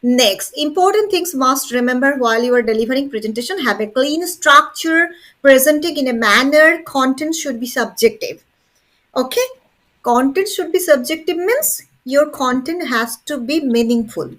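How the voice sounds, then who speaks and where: A high-pitched woman, teaching a class. She drills each point, repeating "okay" and "very important" as she goes. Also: lively intonation, moderate pace, a bit bright. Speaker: English teacher. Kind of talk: online class lecture.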